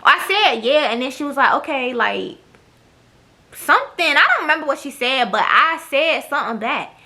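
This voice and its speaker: In a casual storytime monologue to her camera, a young woman vlogger gets blunt, profane and sassy, imitating others as she goes. She has a high, bright, forceful voice with lively intonation at a moderate pace.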